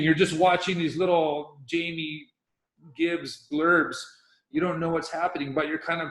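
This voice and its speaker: A man's voice: a little high, normal speed, a bit bright. A middle-aged man, a podcast guest, telling a long story in casual conversation and acting out his own past reactions. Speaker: podcast guest, professional windsurfer. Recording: roomy echo.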